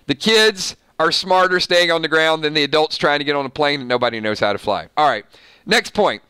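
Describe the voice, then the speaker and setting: Male recap host, bright clear voice, dry close sound, laughs through his sarcastic reading. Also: fairly high pitch, brisk, no echo. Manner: laughing often, sarcastic asides. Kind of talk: casual TV recap reading from an article.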